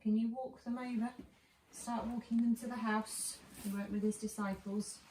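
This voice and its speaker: A woman leading a children's church session, telling a Bible story with lively voices and asking the children questions. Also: a little high, normal speed. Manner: animated, asks children questions, acts out lines. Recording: roomy and distant with faint noise.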